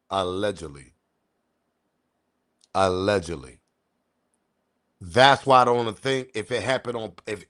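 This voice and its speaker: A man hosting a commentary channel, talking in a casual, slangy, animated way and repeating his points. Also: mid-range voice. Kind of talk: casual commentary on audio clip.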